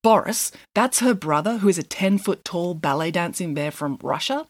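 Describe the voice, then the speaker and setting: Lively woman reading a children's story. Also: lowish voice, normal speed, no echo. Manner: playful, lively read-aloud.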